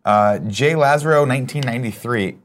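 Brash, swearing male host working through chat on a live show, mid-pitched, loose and jokey. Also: brisk. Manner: brash, profane, joking. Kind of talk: casual live-stream chat.

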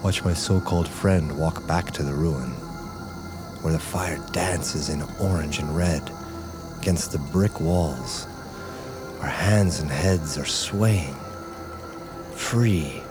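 A man narrating an audio drama in a hushed, drowsy voice, as if drugged and sleepy, sometimes dropping to a whisper. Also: rumbling low, slow. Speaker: narrator and lead character. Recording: voice over loud music score.

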